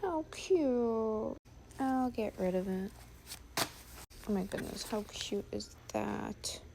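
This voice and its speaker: A woman talks unhurriedly in a slightly gravelly voice, musing aloud as she sorts her things. Her chat is casual and easygoing, and now and then it sinks to a soft whisper. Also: fairly high pitch, lively intonation, slow pace, noisy background. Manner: musing, chatty, thinking aloud; drops to a soft whisper at times. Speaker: sewing vlogger. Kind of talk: casual narration while sorting.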